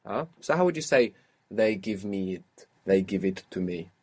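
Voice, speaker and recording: A man's voice: on the low side, expressive, moderate pace, darkish tone, breathy edge. A man teaching a language lesson, patiently prompting a learner and confirming her answers.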